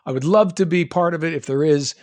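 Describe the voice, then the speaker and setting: Speaking fairly quickly in a voice on the high side, a middle-aged New England man fields fan questions as a voice actor on a live stream. He reads the comments out loud and rambles casually, cutting himself off and restarting often.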